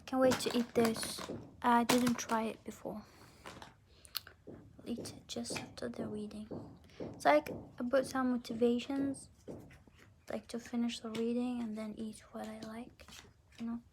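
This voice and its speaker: A woman giving a casual pick-a-card reading, talking haltingly with lots of restarts and often slipping into a whisper. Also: fairly high pitch, little pitch movement, noisy background. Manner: often drops into a whisper mid-sentence. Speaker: tarot card reader.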